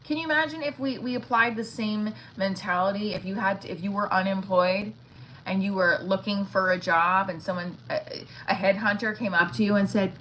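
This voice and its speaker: Woman comedian, loose livestream banter from home, frank and profane, middle-pitched voice over faint background noise. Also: steady tone, normal speed, fairly bright tone, low-quality recording. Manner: rambling, frank, swears casually. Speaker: stand-up comedian. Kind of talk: casual livestream chat.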